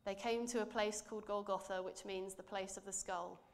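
A woman preaching in church, reading scripture and speaking in a measured, earnest way that drops softly for emphasis. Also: medium pitch, fairly even intonation.

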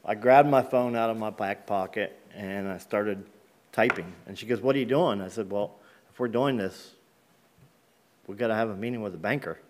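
A man's voice: on the low side, moderate pace, a little mellow, slight background noise. A middle-aged man from Ohio, a guest speaker in church, telling a personal faith story in a folksy, plain-spoken way with many ums. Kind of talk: personal testimony sermon. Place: church sanctuary.

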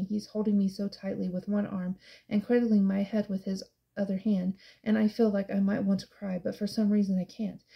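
Dark gravelly woman narrating a novel. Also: mid-range voice. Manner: hushed, tense, emotional reading. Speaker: audiobook narrator. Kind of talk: first-person novel narration.

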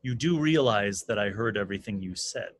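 A man's voice: lowish voice, expressive, a little fast, dry recording. A formal, insistent captive king, put on by a man running a tabletop game. He speaks in stiff, old-fashioned phrasing and presses his point with rising urgency. The sound is dry and close. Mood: cold. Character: captive scheming male king, proud, pleading.

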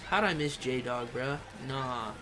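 A young man commentating live gameplay and reading out chat messages, excitable, slangy and full of trash talk. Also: mid-range voice, slow pace, music in the background. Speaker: gaming streamer.

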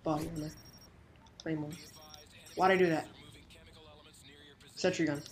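A woman giving live gameplay commentary, excitable and jumpy, breaking into quick exclamations and goofy minced oaths. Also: deep voice. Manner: self-censoring, silly minced oaths.

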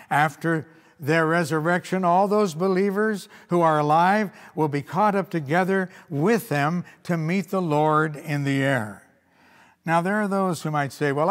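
A man preaching a sermon as pastor, leaning hard on key words and slowing down to read scripture. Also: a little high. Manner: emphatic preaching with slowed, stressed scripture readings. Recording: long hall reverb.

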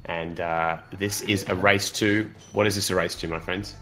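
A man's voice: low voice, steady tone, normal speed, a bit bright. A man casually commentating a video game race, chatty and rambling, with lots of fillers and restarts.

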